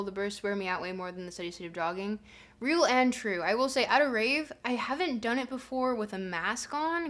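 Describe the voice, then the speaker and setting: On the high side, a young adult woman livestreamer reads chat and talks casually with viewers. She rambles, leans on fillers and breaks into playful, excited bursts.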